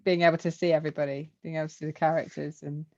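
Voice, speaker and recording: A woman's voice: deep voice, little pitch movement, racing, a little mellow, lo-fi sound. A woman actress as a podcast guest, earnest and complimentary about working with the cast. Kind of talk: casual podcast chat.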